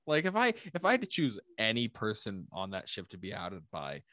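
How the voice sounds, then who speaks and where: Lively joking man podcast host. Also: lowish voice, fairly quick, dry recording. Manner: joking, animated asides. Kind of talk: casual book discussion.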